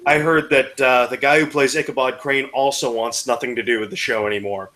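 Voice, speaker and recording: A man's voice: medium pitch, steady tone, brisk, sharp tone. An American man co-hosting a show, rambling and swearing in casual chat. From United States. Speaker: podcast co-host.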